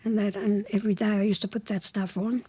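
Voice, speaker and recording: She talks fast and flat, her medium-pitched voice mellow and slightly rough. The speaker is a woman in her seventies with an Australian accent, being interviewed about her childhood. Her account is blunt and plain-spoken, edged with dry defiance.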